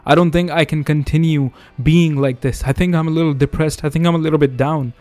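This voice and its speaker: A man's voice: fairly high pitch, steady tone, fairly quick, darkish tone, no room sound, lightly acted. A man voicing a male wrestler who fakes sadness sarcastically. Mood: mock-sad. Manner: sarcastic, mock-sad.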